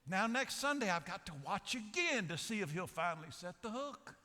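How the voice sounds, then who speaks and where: A man's voice: high-pitched, very animated, normal speed, sharp tone, big-room sound. A man preaching a sermon as pastor, joking and telling stories in a folksy way. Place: large church sanctuary.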